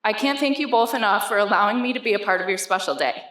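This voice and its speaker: A woman's voice: mid-range voice, quick pace, a bit bright. A woman giving a wedding toast, joking and then sentimental, at a reception. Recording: echoey reception hall with crowd. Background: guests laughing.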